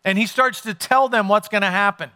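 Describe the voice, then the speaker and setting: A man's voice: high voice, brisk, bright, forceful tone. A man preaching a sermon as pastor to a congregation in a church, talking in a conversational way and joking with his listeners.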